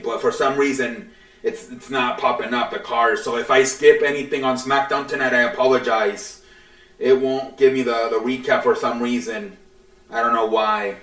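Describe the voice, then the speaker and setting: A man's voice: medium pitch, fairly bright tone. Cursing, rambling man in an echoey room. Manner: swearing, frustrated, rambling with restarts. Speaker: podcast host. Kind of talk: casual solo sports talk. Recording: echoey room, distant from the mic.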